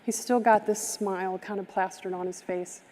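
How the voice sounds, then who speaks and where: A woman's voice: mid-range voice, fairly even intonation, moderate pace, dark tone. A woman speaking at a summit, telling a heartfelt story with vivid detail and acting out the people in it. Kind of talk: storytelling keynote talk. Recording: live stream from a reverberant hall.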